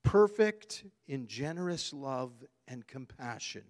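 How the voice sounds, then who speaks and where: A man's voice: medium pitch, lively intonation, slow pace. A man preaching a sermon, earnest and emphatic, repeating his key phrases for weight. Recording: long hall reverb.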